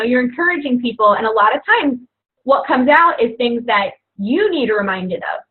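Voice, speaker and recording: A young woman coach talking casually and earnestly to fellow coaches, rambling with lots of "you know" and "like". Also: a little high. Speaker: fitness coach. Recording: tinny phone-like audio.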